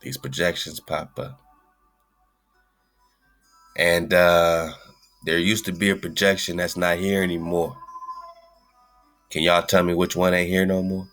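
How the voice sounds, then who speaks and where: A man with a low, deep voice hosts an internet radio stream. He talks in an easygoing, slangy ramble, addressing listeners as "man." Faint music plays underneath. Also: flat delivery, unhurried, long pauses, a bit bright. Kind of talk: casual livestream talk.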